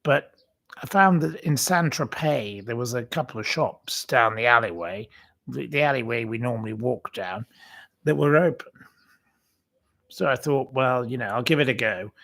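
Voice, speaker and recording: His voice is gravelly and a bit bright, medium in pitch, at a moderate pace. The man hosts his own livestream channel, loosely chatting with his audience and wandering through an anecdote full of restarts and filler words.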